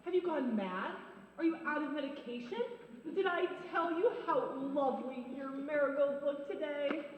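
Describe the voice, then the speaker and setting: A woman's voice: sits high, normal speed, far from the mic, slight background noise, lightly acted. A woman playing a prim, fussy neighbor on a church stage who tries to sweet-talk and soothe, recorded in an echoey hall. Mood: soothing.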